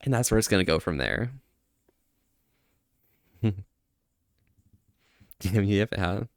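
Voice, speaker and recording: A soft-spoken man chats on a livestream, his voice sitting a little low. He stretches his praise out slowly and gently, and the sound is close and dry, with no room around it. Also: expressive, gravelly, no echo. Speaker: streamer. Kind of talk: casual livestream chat.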